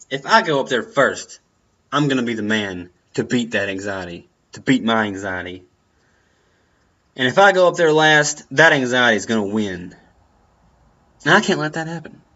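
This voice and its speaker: A man's voice: mid-range voice, very animated, normal speed, long pauses, pushed and bright. A young man giving earnest, encouraging advice in a personal talk, often repeating his phrases. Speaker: vlogger. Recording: dull lo-fi sound.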